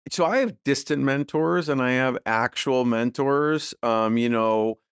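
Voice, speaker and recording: A middle-aged man, a podcast guest, talking casually and thoughtfully with many fillers and soft laughs. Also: medium pitch, unhurried, clean tone, no echo, studio quality. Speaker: podcast guest, business co-founder. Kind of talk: casual interview conversation.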